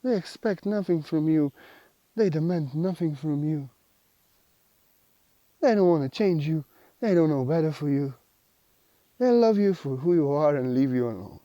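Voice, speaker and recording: A man's voice: on the high side, lively intonation, moderate pace, long pauses, dark tone, no room sound, dull audio. A man giving a spiritual teaching monologue, earnest and repetitive, with slightly unidiomatic phrasing.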